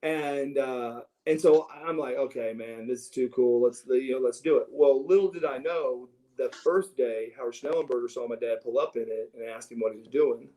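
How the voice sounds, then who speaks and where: A middle-aged man telling stories from his youth in a casual interview, animated and prone to restarts as he acts out what others said. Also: medium pitch, moderate pace, few pauses, rough recording. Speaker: interview guest. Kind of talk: casual storytelling.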